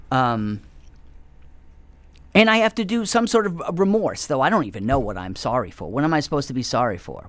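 A man's voice: medium pitch, fairly bright tone, dry recording. A man hosting a comedy show, delivering a rambling, self-mocking monologue with sudden whispered asides. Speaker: comedy show host taking calls.

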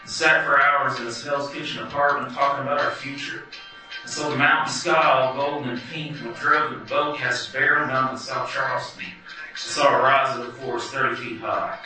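A man performing a wry, animated first-person story live. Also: mid-range voice, normal speed, soft background music. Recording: echoey hall from far off.

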